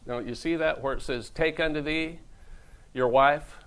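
A man's voice: on the high side, moderate pace, poor audio. A middle-aged man preaching a humorous sermon as pastor, telling stories and acting out the people he quotes. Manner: joking, storytelling, acts out quoted voices.

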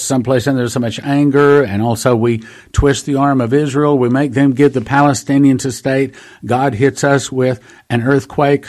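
This prophecy talk show host delivers an earnest sermon, calling listeners brothers and sisters and reading lengthy dates and quotations. He has a medium-pitched, slightly mellow voice.

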